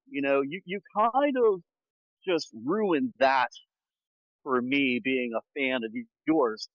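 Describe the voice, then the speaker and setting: A man's voice: mid-range voice, lively intonation, unhurried, a bit bright, dry recording. A male podcast host speaks candidly while walking outdoors, a little short of breath. His voice sits in a middle range. It comes through a dry, somewhat dull lo-fi recording. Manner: candid storytelling, frank about bad guests. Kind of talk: casual chat. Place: outdoors on a walk.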